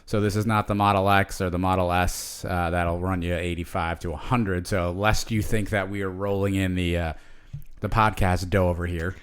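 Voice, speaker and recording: A man's voice: sits low, flat delivery, normal speed, clear, resonant tone. A man in his forties co-hosting a casual podcast chat, rambling with lots of fillers and restarts. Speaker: podcast co-host.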